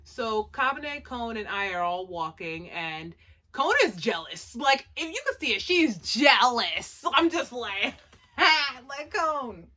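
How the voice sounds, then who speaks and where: Woman vlogging an anime recap, lively and chatty, bright voice. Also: a little high, unhurried. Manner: chatty and animated, lots of "like", laughs at the plot. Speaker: anime reviewer. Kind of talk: casual episode recap.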